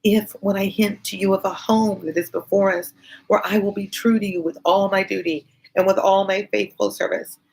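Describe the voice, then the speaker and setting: A woman voicing a gentle, devoted young woman who tenderly pleads with her father. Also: mid-range voice, steady tone, normal speed, gravelly, breathy edge, pitched above the performer's own voice, poor audio. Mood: tender pleading. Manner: tender, pleading, repetitive appeals.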